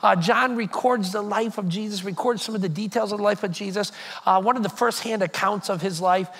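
High-voiced man preaching animatedly. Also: fairly quick. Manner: animated, conversational preaching with repetitions. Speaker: pastor. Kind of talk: sermon. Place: church hall before a congregation.

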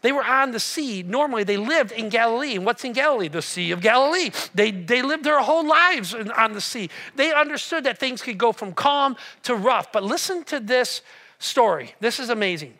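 A male pastor delivers a sermon in a very high, bright voice. He tells the story with animated energy, swinging between loud passages and hushed ones. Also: normal speed.

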